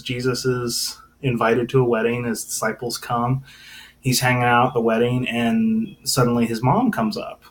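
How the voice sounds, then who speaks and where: A man's voice: mid-range voice, fairly bright tone, a little hiss or hum, poor audio. A man giving informal Bible teaching in a casual, thinking-aloud manner, with frequent fillers and restarts.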